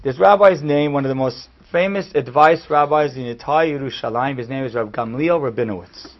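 A man giving a storytelling sermon, animated and acting out the people he quotes, in a dull lo-fi recording. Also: medium pitch, fairly quick. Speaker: speaker giving a talk.

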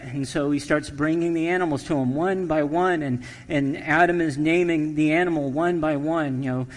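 Slightly high-voiced pastor in an echoey hall. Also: male voice, moderate pace. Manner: conversational, humorous storytelling. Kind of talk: sermon.

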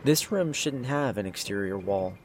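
Low-voiced man narrating horror. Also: expressive, normal speed, slight background noise. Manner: tense first-person storytelling. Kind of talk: scripted horror story narration.

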